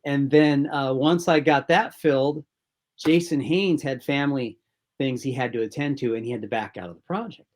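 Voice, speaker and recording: A man speaks as a guest on a talk show, telling a long story about casting a film. His pitch sits in the middle range, and he keeps looping through the anecdote, acting out his own thoughts as quotes along the way. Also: normal speed, a little mellow. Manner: rambling anecdotes with acted-out quotes. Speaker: film director, interview guest. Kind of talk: casual interview storytelling.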